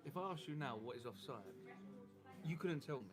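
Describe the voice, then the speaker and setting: A man's voice: on the high side, brisk. A man on a street live stream arguing his point bluntly in casual chat. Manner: blunt, argumentative. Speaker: co-host. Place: outdoors on a street.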